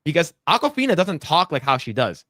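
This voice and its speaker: A man hosting a podcast, talking in an animated, rambling way with many fillers. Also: a little high, fairly quick, dry recording, studio quality. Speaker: podcast host. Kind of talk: casual commentary.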